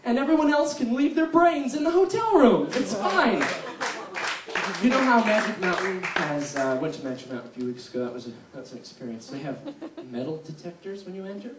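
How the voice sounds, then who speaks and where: A male comedian delivers a stand-up set with a sarcastic, storytelling manner, and his pitch swings widely as he talks. He is recorded from a distance in a small theater, so the sound is roomy and echoey. Faint noise sits under his voice. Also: animated, fairly quick. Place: small theater with a live audience.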